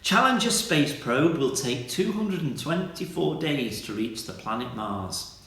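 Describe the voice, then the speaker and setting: A man, a primary school teacher, leading an online school assembly for children in an animated, playful way. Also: fairly high pitch, unhurried, heavy reverb.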